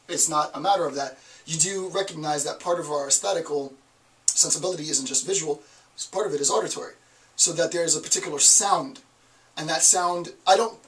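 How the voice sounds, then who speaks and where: A man from the Northeastern US, with the accent to match, gives a college classroom lecture, speaking emphatically and posing rhetorical questions. His voice sits on the high side and is a bit bright, but he's far from the mic and the recording is rough.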